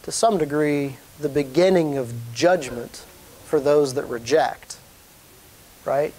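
A man preaching a sermon as pastor, earnest and rising in pitch when he stresses a point. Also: slow, mellow.

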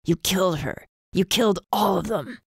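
A harsh, vengeful man delivers slow, cold threats, read by a woman narrator. The voice sits low and flat with contempt. The recording is dry and close. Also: vocal fry, dry recording, exaggerated voice. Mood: accusing.

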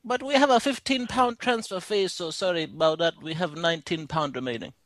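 A man's voice: sits high, fairly quick, a bit bright, no echo. A man voicing a rude, mocking male customer-service rep on a prank phone call. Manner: mocking, taunting and crude. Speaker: prank caller.

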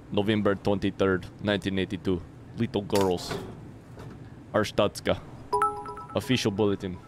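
A young man casually commenting on a game as he plays, chatty and reading on-screen text aloud. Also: fairly low pitch. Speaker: let's play streamer. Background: game music.

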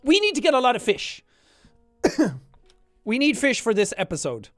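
Animated man narrating a game. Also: very high-pitched, moderate pace, dry recording, faint music behind. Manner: animated, jokey, swearing, talks to himself. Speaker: gaming streamer. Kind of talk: let's play commentary.

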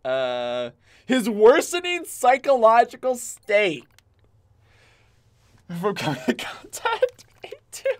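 A man's voice: very high voice, huge pitch swings, takes it slowly, long pauses. A man streaming a video game, giving casual commentary full of swearing and emotional outbursts.

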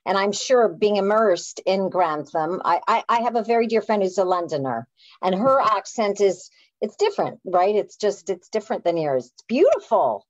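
A woman's voice: mid-range voice, sing-song, moderate pace. A woman from Canada chatting on a video call in a zany, exclamatory, gushing way. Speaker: guest author. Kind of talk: casual video call chat. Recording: dull lo-fi video call audio.

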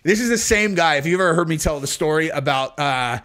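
A man's voice: on the high side, expressive, a little fast, fairly bright tone. A man in his forties, a podcast host, telling a rambling, profane story in casual talk and laughing at it.

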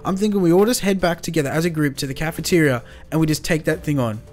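A man leads a game role-play in a slightly raised voice, eager and slangy as he rallies his friends. Faint music plays softly behind him. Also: on the high side, fast talker. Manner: excitable, slangy, calls friends bro and fam. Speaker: host playing the lead character. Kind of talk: Minecraft role-play acting.

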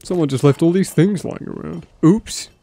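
A man's voice: fairly high pitch, a little fast, vocal fry, dark tone, no echo. A young man casually commenting on his gameplay while streaming, playful and profane.

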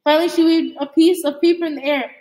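High-voiced woman reading a novel aloud. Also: fairly even intonation, darkish tone. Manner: halting, with slips and restarts. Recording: echoey room.

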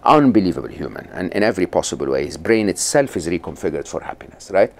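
A middle-aged man from Egypt with a low, deep voice that rises and falls in wide, lively swings. He talks as an interview guest, telling stories and laying out ideas, often restarting mid-sentence and checking in with "right?" and "okay?". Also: quick pace. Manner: animated storyteller, frequent restarts and "right?" check-ins. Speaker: podcast guest. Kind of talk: conversational interview.

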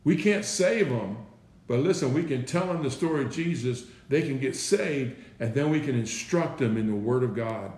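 A man's voice: mid-range voice, animated, normal speed, a little mellow. A man preaching an informal sermon, repeating phrases and firing off rhetorical questions with "right?" and "listen". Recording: echoey room.

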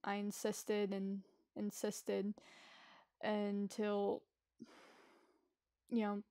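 Speaking in a monotone, mellow, mid-range voice, a woman vlogger shares a painful personal story. She's hesitant and emotional, breaking off and restarting sentences again and again, in clean studio sound with no echo.

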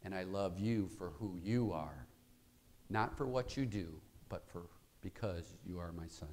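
A man voicing a gentle father who speaks tenderly and quietly to his son, as an acted quote within a sermon story. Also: sits low, measured pace, slight background noise, pitched below the performer's own voice. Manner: soft, tender, hushed.

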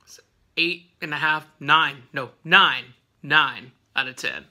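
A man's voice: fairly high pitch, takes it slowly, sharp tone. A man hosting a casual snack review vlog at home, rambling with lots of fillers and laughing often.

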